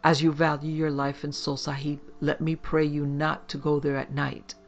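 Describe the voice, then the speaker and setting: Guy putting on a scared superstitious hunting guide, begging and warning, gravelly. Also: fairly high pitch, little pitch movement, normal speed, muffled recording. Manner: pleading, urgent warnings. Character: frightened Indian hunting guide, man, superstitious.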